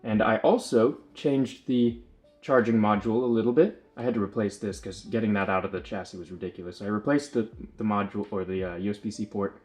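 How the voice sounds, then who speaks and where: A man's voice: on the low side, a little fast, darkish tone, faint music behind. A man casually explaining his hobby build work, rambling and correcting himself often with plenty of fillers. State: slightly out of breath. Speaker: lightsaber builder.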